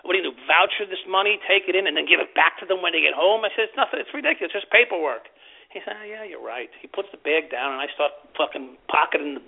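A man's voice: a little high, fast, gravelly, few pauses, breathy edge. A man with a New York accent telling a long story as a guest, acting out quotes and swearing freely. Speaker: former police officer, guest. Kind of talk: storytelling in an interview. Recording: tinny phone-like line with faint noise.

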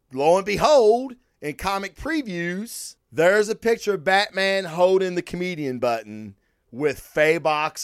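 A man rants animatedly through a solo podcast segment, swearing freely as he tells his stories. His voice sits a bit higher than most men's and comes across smooth and resonant. The recording is dry and close, with no room sound. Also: no echo. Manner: profane, animated storytelling with frequent swearing. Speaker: podcast host. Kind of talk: casual solo podcast rant.

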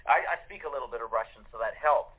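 A man from Canada, an actor guest on a chat show, explaining his views in a measured, thoughtful way over a phone-line recording. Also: mid-range voice, husky. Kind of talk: casual interview talk.

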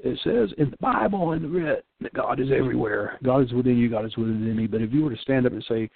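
A man's voice: mid-range voice, fast, vocal fry, few pauses, no room sound. An older man, a pastor, giving an earnest sermon-style radio talk and repeating phrases for emphasis. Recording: phone-like dry line.

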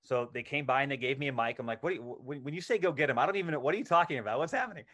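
A middle-aged man telling a long anecdote as a podcast guest. He talks casually and with energy, and he acts out the lines he quotes. His voice sits in a middle pitch. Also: very fast, a bit bright. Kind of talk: casual storytelling interview.

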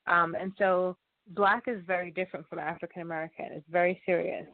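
A man's voice: high voice, fairly even intonation, brisk, creaky, no echo. A man talking in a rambling casual monologue, often repeating himself and restarting sentences. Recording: tinny phone-like sound, dry.

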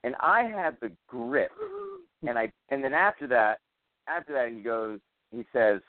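A man's voice: mid-range voice, lively intonation, a little slow, creaky, no echo. A man hosting a casual radio show, rambling and joking crudely. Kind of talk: casual banter. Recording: dry tinny phone-like sound.

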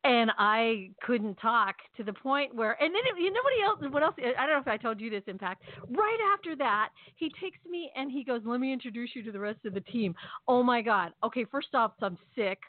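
A woman telling a long story in casual chat, animated and chatty, acting out her own lines. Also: a little high, moderate pace, few pauses, no room sound. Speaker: podcast co-host. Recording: tinny phone-like call audio.

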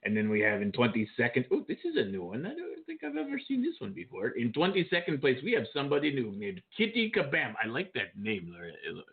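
A man's voice: medium pitch, huge pitch swings, fast talker, hardly any pauses. A man co-hosting a casual show, reading out rankings with flirty, joking asides. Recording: tinny phone-like line.

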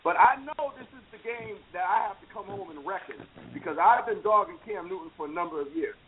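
A man hosting a casual sports talk show, animated and teasing, speaking with emphasis. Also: high voice, brisk. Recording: phone-like lo-fi line.

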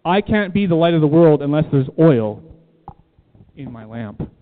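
High-voiced man preaching a sermon. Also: animated, normal speed. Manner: emphatic, repeats key phrases, asks the room questions. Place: church room. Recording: tinny phone-like sound, long reverb.

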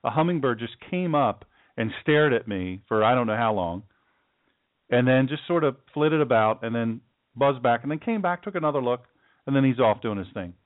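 A man's voice: medium pitch, lively intonation, normal speed, no echo. Impassioned male talk host, tinny sound. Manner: emphatic, repetitive, stammering restarts. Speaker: political talk show host. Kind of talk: impassioned political monologue. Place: home studio. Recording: dry, tinny phone-like sound.

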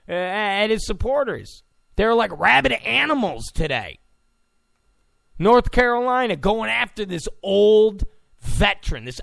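A man's voice: sits high, creaky, fairly bright tone, dry recording, clean studio sound. A man hosting a talk radio show in a rambling, mocking commentary style. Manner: rambling, mocking, chuckling asides. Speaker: radio host.

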